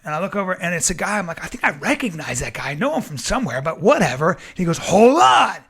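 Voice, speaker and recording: A man telling a comic story with great excitement. He acts out the voices of the people in it and often stammers. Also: a little high, rapid-fire, slightly rough. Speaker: comedian guest.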